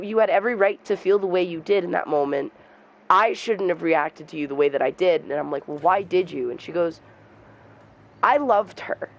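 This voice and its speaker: A young man streaming a game, telling a personal story in a soft, halting voice and trash-talking the game now and then. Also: high-pitched, rough recording. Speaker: gamer streamer. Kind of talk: casual storytelling while gaming.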